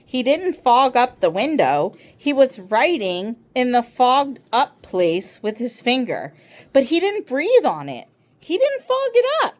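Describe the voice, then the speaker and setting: A woman's voice: high-pitched, huge pitch swings, unhurried, pitched above the performer's own voice, exaggerated voice. A woman doing a rambling eager schoolboy. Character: excitable chatty schoolboy.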